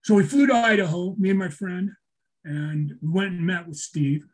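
This storyteller guest is an older man whose voice sits high and moves at a normal speed. Chatting casually, he swears often, grows emotional, and starts his sentences over, repeating himself as he goes.

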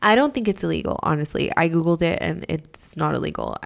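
A woman's voice: deep voice, animated, brisk, creaky. A young woman from Mexico hosting a podcast, telling a story casually, exasperated and profane, with lots of fillers and drops into a whisper. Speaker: podcast host.

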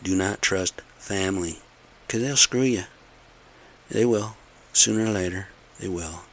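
In a casual, rambling monologue, a middle-aged man rants bluntly and with a sense of grievance, repeating himself as he goes. His voice sits low and unhurried.

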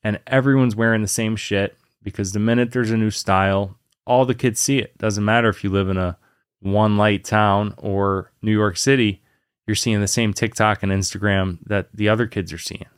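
A man's voice: on the low side, steady tone, moderate pace, smooth, no echo, clean studio sound. A man from Virginia, telling stories in casual conversation as a podcast co-host, rambling with fillers. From Virginia, USA. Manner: rambling storyteller with fillers and restarts.

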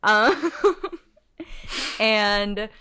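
Chatty woman podcast cohost, keeps giggling while she tells the whole plot, ordinary mid pitch. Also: lively intonation, very slow, sharp tone, clear, resonant tone. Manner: chatty, laughs often while recapping. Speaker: podcast co-host. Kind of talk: casual chat.

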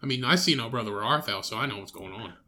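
A man's voice: mid-range voice, very fast, pushed and bright. A young man co-hosting a podcast in casual, rambling chat, laughing often. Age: young adult. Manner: rambling, laughs often, slips into put-on voices. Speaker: podcast co-host.

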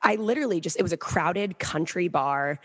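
Low-voiced woman chatting on a podcast. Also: brisk, slightly rough, big-room sound. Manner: giggly, animated storytelling. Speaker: podcast co-host. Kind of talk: casual chat.

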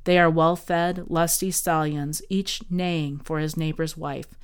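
Woman reading the bible out loud, deep smooth voice, pretty dramatic. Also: little pitch movement, a little slow, hardly any pauses. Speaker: Bible reading podcast host. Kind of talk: scripture reading.

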